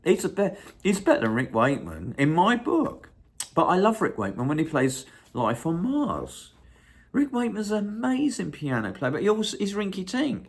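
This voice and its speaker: Excitable, foul-mouthed man with a lively voice. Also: on the high side, breathy edge. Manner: excitable, swears a lot, breaks into humming and singing. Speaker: channel host. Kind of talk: rambling casual monologue.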